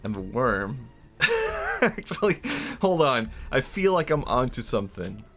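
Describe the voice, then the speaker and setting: A man streaming a game, riffing in an excitable, rambling way and laughing at his own ideas. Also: medium pitch, unhurried, faint music behind. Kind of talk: casual gameplay commentary.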